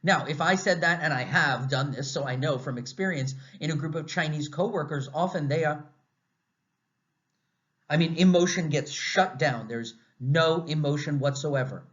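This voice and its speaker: American male lecturer, slightly high pitch, lively and conversational, dull recording. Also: normal speed. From United States. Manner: animated, conversational, asks the class many rhetorical questions. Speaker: university lecturer. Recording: slightly dull, muffled audio.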